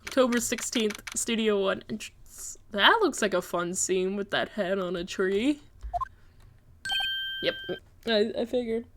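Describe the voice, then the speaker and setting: A woman's voice: medium pitch, measured pace, background noise. A young woman casually playing a video game, reading the dialogue aloud with giggly, jokey asides. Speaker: let's play streamer. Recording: game music over the voice. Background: game music.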